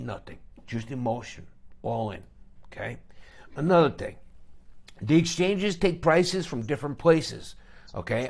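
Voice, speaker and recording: A man's voice: mid-range voice, creaky. A man hosting a live trading stream, lecturing bluntly and emphatically and tagging his points with a questioning "okay?". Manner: blunt and scornful.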